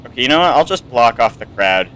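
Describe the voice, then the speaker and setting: Bright-voiced man narrating his gameplay. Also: medium pitch, big pitch swings, fast talker, a little hiss or hum. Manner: reads game text aloud, chatty asides, jokey accents. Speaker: gamer playing through a game. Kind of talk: casual game playthrough commentary.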